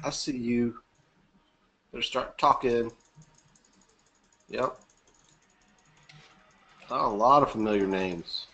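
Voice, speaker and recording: A man's voice: medium pitch, slow, pauses often, fairly bright tone. A man hosting a live webinar, chatty and upbeat, greeting attendees by name and joking. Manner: upbeat, chatty, reading names aloud and joking. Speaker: webinar host.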